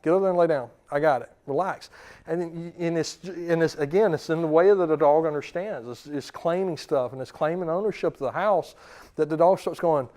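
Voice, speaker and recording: A man in his thirties, a dog trainer, giving a seminar talk and acting out commands and dogs' thoughts. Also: a little high. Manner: forceful, acts out commands and dog thoughts in quick voices.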